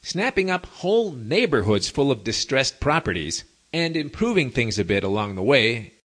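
A man's voice: mid-range voice, very animated, moderate pace, fairly bright tone. A man hosting a podcast, talking to his listeners in a wry, folksy storytelling manner. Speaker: podcast host. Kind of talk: casual monologue to listeners.

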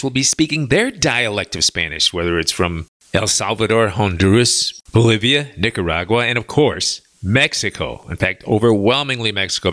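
A man's voice: on the low side, bright, forceful tone, no echo, clean studio sound. Chatty American man hosting a podcast. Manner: chatty, emphatic, folksy asides. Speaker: podcast host. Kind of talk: casual monologue answering listener email.

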